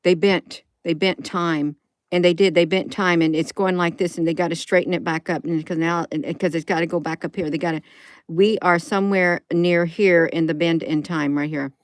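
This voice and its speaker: A woman's voice: fairly low pitch, steady tone, moderate pace, no echo, clean studio sound. A woman vlogging into her phone, thinking aloud in a casual, rambling way and often restarting her sentences.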